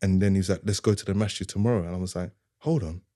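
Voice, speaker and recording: A middle-aged man talks as a podcast guest, his voice sitting very low. He tells a personal story with earnest, heartfelt feeling and acts out the things people said to him. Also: little pitch movement, racing, warm tone, no echo, clean studio sound. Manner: earnest, heartfelt, often retells dialogue.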